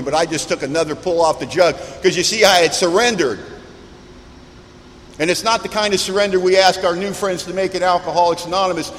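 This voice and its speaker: A man's voice: high voice, fairly bright tone. Candid man telling his story in an echoey hall. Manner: candid, self-mocking storyteller with dramatic lists and pauses. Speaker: speaker sharing his story at a recovery meeting. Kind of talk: personal recovery testimony to an audience. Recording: echoey hall with faint background noise.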